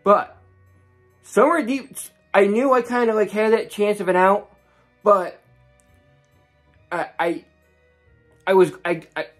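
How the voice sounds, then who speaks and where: A man's voice: high-pitched, steady tone, takes it slowly, long pauses, soft background music. A young man telling a personal story in a casual vlog, rambling along with many restarts and voicing the people he talks about. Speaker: vlogger.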